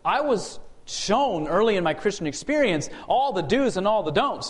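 A man's voice: high voice, big pitch swings, moderate pace, few pauses. A man preaching a sermon in a church sanctuary, asking the congregation rhetorical questions and calling for amens.

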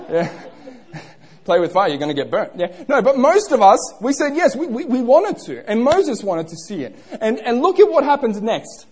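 Young male preacher, husky voice with a very lively pitch, playful and chatty with his congregation. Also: normal speed. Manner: playful, interactive, asks the crowd questions. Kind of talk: sermon.

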